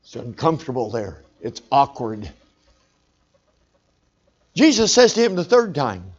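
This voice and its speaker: A man's voice: a little high, huge pitch swings, moderate pace, pauses often, husky, lo-fi sound. A man preaching a sermon, telling a story conversationally and calling for amens.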